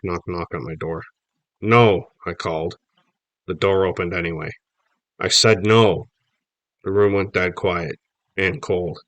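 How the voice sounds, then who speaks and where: A man reading a children's novel aloud, telling the story lively in first person. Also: sits low, no echo. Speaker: audiobook reader.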